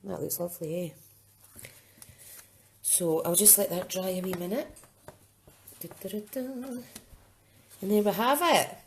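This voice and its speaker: A woman leads a relaxed live craft demonstration, with a low, easy voice. She chats along and thinks out loud as she goes, and a faint noise sits under her speech. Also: normal speed, creaky, pauses often. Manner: chatty, thinking aloud as she works. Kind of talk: casual live-streamed craft demo.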